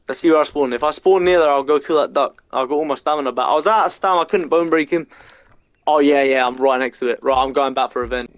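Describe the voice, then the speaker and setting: A man giving let's-play game commentary, swearing a lot and swinging between frustration and excitement. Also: on the high side, brisk, noisy background. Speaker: gamer.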